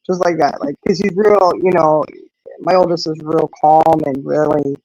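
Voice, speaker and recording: A woman's voice: deep voice, steady tone, moderate pace, dark tone, no room sound. Rambling middle-aged woman, dull lo-fi audio. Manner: rambling, many fillers and "you know". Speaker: livestream host. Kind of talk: casual livestream chat answering viewers. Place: outdoors on an evening walk.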